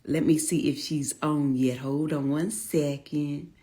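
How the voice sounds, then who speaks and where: A woman's voice: sits low, fairly even intonation, unhurried. A woman in her forties hosting a casual livestream, greeting viewers one by one and calling them honey and y'all. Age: 40s. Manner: warm, chatty Southern-style greetings, calls viewers honey and y'all. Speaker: livestream host.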